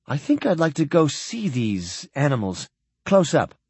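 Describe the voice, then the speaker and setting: A man's voice: fairly high pitch, huge pitch swings, measured pace, darkish tone, husky, dry recording, exaggerated voice. A man voicing an eager young woman who asks direct questions.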